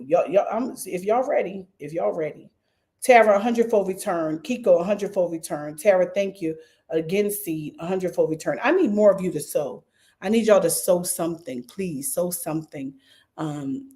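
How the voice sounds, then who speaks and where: A middle-aged woman pastor with a Philadelphia accent speaks to her livestream audience. Her voice sits fairly low for a woman. She talks in an animated, repetitive way and keeps calling out to viewers by name. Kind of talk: livestream preaching and fundraising talk.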